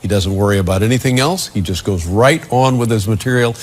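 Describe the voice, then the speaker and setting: A man interviewing a guest on a talk show, asking measured, probing questions. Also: on the low side.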